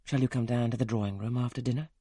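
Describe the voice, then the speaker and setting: A man with a husky voice reading the part of a brusque, teasing wealthy gentleman in an audiobook, gruff and commanding. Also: medium pitch, steady tone, very fast, dry recording, studio quality, lightly acted.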